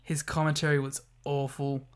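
A man's voice: fairly high pitch, flat delivery, moderate pace, clean tone. A man co-hosting a podcast, chatting bluntly about wrestling, swearing freely and laughing mid-sentence. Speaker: podcast co-host. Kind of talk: casual wrestling chat.

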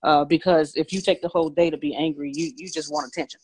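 A woman's voice: deep voice, steady tone, fast talker, a little mellow, husky, low-quality recording. A woman in a coaching group earnestly recounting her reflections, with hesitant restarts. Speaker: coaching client. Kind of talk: sharing a personal story.

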